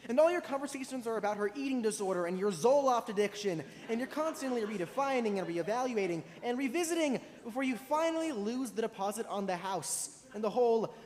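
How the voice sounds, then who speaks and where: A man's voice: very high-pitched, animated, a little fast, few pauses, darkish tone. A young man playing a wistful musical-fan narrator. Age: teens. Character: lonely middle-aged male musical fan narrator. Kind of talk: stage musical acting. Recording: reverberant auditorium stage.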